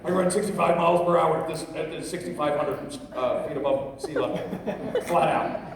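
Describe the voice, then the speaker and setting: A man's voice: a little high, fairly quick, creaky, a crowd in the background. A man doing a cocky action-movie spy. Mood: boastful. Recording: echoey hall, voice from a distance.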